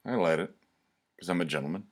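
A man with a very low, deep voice tells a personal story in a loose, rambling way. He keeps circling back with fillers and side comments as he talks. It sounds like casual spoken storytelling. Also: fast. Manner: rambling, conversational, with fillers and asides.

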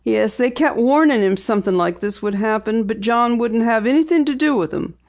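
A woman's voice: fairly high pitch, brisk, a little mellow, highs cut off, pitched above the performer's own voice, close to an everyday voice. A woman reader voicing an anxious, guarded farm wife who pleads and bristles, raised a little above her narrating voice. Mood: angry. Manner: pleading, tense.

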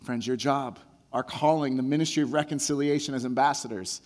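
A man preaching a sermon as a pastor, talking in a conversational way that repeats words and builds excitement as he retells a scene. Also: medium pitch, fairly quick, in a large hall.

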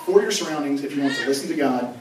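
A man's voice: mid-range voice, expressive, fast talker, darkish tone, slight background noise. A young man, a youth pastor, giving a casual, joking sermon in a large church hall. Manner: casual, joking, conversational preaching. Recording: echoey hall from far off.

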